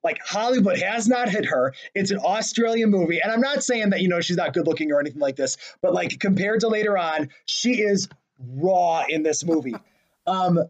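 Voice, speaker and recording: A man's voice: sits high, lively intonation, moderate pace. A man co-hosting a casual chat about his favorite movies, gushing and self-deprecating, often laughing at himself. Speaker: podcast co-host.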